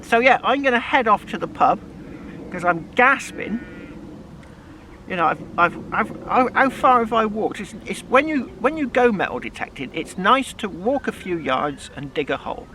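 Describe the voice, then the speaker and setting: Brief: West Country man vlogging outdoors, rambling and chatty, slightly high, bright tone, faint background noise. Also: lively intonation, normal speed. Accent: West Country English. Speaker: metal detecting vlogger. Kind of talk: casual outdoor vlog. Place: outdoors in a field, then a pub.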